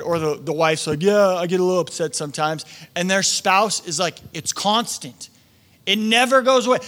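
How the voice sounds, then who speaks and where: A man preaching a conversational sermon as pastor, slipping into quick acted-out voices of the people he describes. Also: high-pitched, a bit bright. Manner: conversational, acts out quoted voices.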